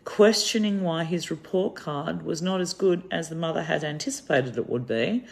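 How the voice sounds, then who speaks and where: A woman's voice: deep voice, moderate pace, vocal fry. An Australian woman giving an indignant, rambling monologue to camera, telling her story with heavy emphasis. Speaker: activist vlogger.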